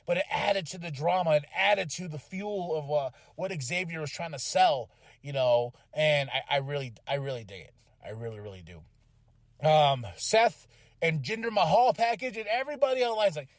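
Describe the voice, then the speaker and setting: A man's voice: fairly high pitch, moderate pace, dry recording, clean studio sound. A man hosting a podcast, casually recapping a wrestling show, swearing freely and acting out the wrestlers' lines. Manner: animated, swears freely, acts out quotes. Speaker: podcast host.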